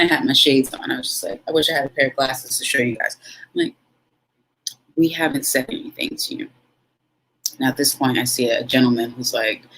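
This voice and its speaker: A young adult woman vlogger telling a story casually to camera, frank and animated, with dramatic pauses and asides to her viewers. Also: low voice, gravelly, breathy edge, low-quality recording.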